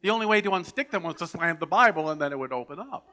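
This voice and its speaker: A man's voice: fairly high pitch, lively intonation, fast, sharp tone, pitched above the performer's own voice. A man voicing an old mother in a sermon story, explaining things in a matter-of-fact, slightly exasperated way.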